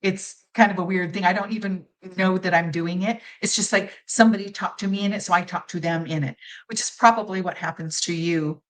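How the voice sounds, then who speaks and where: A woman guest in a casual interview, speaking thoughtfully with halting restarts. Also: lowish voice, rough recording.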